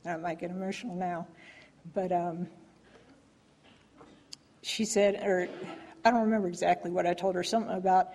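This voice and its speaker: A woman sharing a heartfelt personal testimony at church, rambling with many pauses and restarts. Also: on the low side, fairly even intonation, warm tone. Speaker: church member giving testimony.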